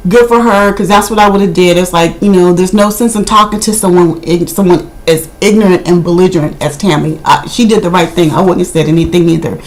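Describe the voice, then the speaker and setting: A woman's voice: fairly low pitch, fairly even intonation, fairly quick, hardly any pauses, rough recording. A woman casually recapping a reality TV episode, indignant and gossipy, with lots of "I mean". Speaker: video reviewer.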